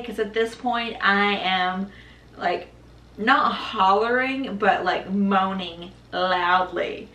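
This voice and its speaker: Bright-voiced young woman, echoey room. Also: mid-range voice, slow. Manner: animated, acts out quoted voices, laughs. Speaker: vlogger telling her birth story. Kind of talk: casual storytelling vlog. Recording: echoey room, mic at a distance.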